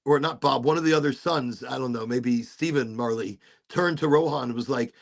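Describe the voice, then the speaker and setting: A man's voice: mid-range voice, brisk, vocal fry. A man hosting a casual chat, telling rambling stories and laughing often. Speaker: podcast host.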